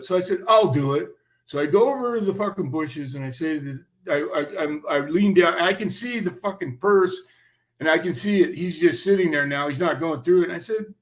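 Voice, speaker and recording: A man's voice: a little high, fairly quick. A man, telling a profane story in a casual interview and acting out the quoted voices.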